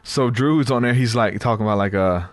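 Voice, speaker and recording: A man's voice: mid-range voice, fairly quick, no echo. Chatty male podcast host, dry sound. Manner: animated, chatty, laughs easily. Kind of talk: casual storytelling.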